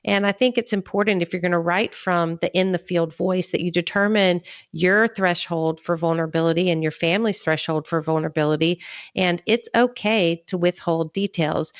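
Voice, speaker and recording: Guest author, American woman, lowish voice, earnest and explanatory; dry, dull recording. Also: no echo. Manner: earnest, explanatory, measured teaching tone. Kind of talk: podcast interview.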